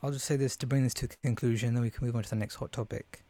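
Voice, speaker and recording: A young man co-hosting a casual podcast, laid-back and deadpan as he makes his points. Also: mid-range voice, racing. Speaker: podcast co-host. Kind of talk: casual chat with friends.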